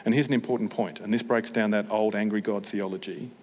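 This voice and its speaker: A man preaching a sermon, humorous and self-mocking, with animated asides. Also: fairly low pitch, fast, slight background noise. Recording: long hall reverb.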